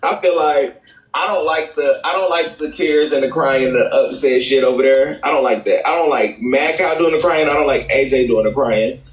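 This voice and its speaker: A man's voice: medium pitch, moderate pace, roomy sound, distant mic, low-quality recording. A man hosting a casual live-stream panel, blunt and laughing as he calls people in to speak.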